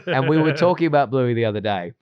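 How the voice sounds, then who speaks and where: A man's voice: medium pitch, expressive, quick pace, clear, resonant tone. A man chatting on a podcast, rambling through a story with plenty of restarts and laughs. The sound is slightly dull and very dry, with no room echo. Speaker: podcast co-host. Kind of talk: casual chat.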